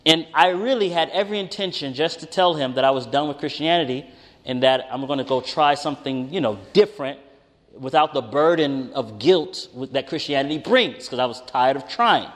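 A man preaching a conversational sermon, telling a personal story with animated, emphatic rises. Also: on the high side, brisk. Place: church hall with congregation. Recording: reverberant hall.

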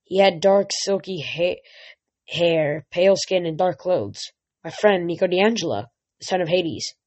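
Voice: medium pitch, lively intonation, a little slow, a little mellow. Amateur reader with frequent restarts. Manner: reads with frequent slips and restarts. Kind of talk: amateur audiobook reading. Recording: dull lo-fi recording.

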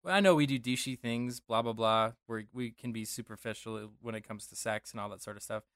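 A man's voice: on the low side, brisk, fairly bright tone, no echo, studio quality. A young man from Denver co-hosting a casual podcast chat, rambling and correcting himself as he jokes. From Denver, USA. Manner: rambling, self-correcting, jokey. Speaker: podcast co-host.

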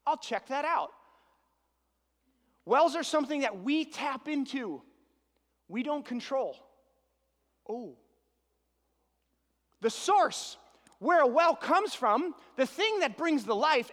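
A man preaching a sermon as pastor, animated, piling up rhetorical questions and swinging from loud emphasis to hushed asides. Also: extremely high pitch, big-room sound.

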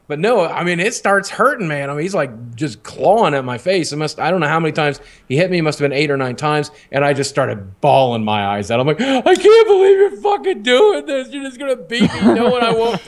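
A man casually telling a long personal story, rambling and swearing, often laughing at himself. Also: fairly high pitch.

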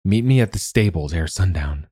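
A man's voice: low voice, expressive, moderate pace, mellow, breathy edge, dry recording, studio quality. A man voicing a stern, weary woman warrior living under a curse, speaking curtly and commandingly. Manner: curt, commanding.

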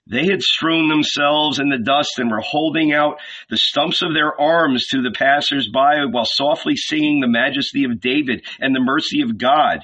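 A man reading a novel aloud in a measured, deliberate, dramatic way, on a dull lo-fi recording. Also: mid-range voice, sharp tone. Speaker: audiobook reader.

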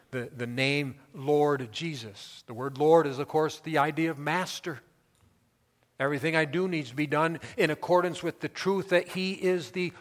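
High-voiced preaching man in a hall. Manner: emphatic preaching, building lists to loud peaks. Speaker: pastor. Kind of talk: sermon.

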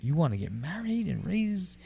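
A man's voice: fairly high pitch, very animated, normal speed, vocal fry, mellow, slight background noise. A man riffing crudely over a movie, acting out characters and laughing often. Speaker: movie reaction commentator. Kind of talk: profane comic movie commentary.

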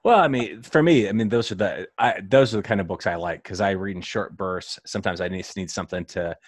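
A man's voice: sits low, fairly quick, no room sound, studio quality. A man hosting an interview, chatting casually and laughing a lot at his guest's stories. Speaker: interview host.

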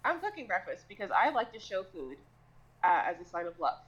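Crude, lively woman podcaster. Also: medium pitch, brisk, lo-fi sound. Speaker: podcast co-host. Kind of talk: casual comedic storytelling.

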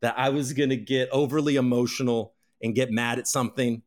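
A man hosting a live crypto news show, talking casually, joking and laughing often, with loud bursts and muttered asides. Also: mid-range voice. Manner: animated, joking, quick to laugh; swings between loud bursts and mumbled asides. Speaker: host.

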